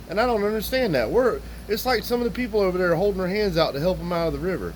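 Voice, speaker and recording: A man's voice: high voice, animated, rapid-fire, hardly any pauses, a little hiss or hum, poor audio. A man, speaking bluntly and profanely as he rants straight at his viewers. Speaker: vlogger. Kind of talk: casual ranting monologue to viewers.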